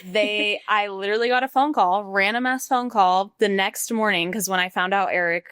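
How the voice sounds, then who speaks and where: A woman podcast host with a mid-range voice, chatting casually and backing her guest up with quick "yeah"s before telling her own story. The sound is dry and close-miked. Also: mid-range voice, fairly bright tone, smooth, no echo. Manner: supportive listener, frequent short affirmations. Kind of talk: casual conversation.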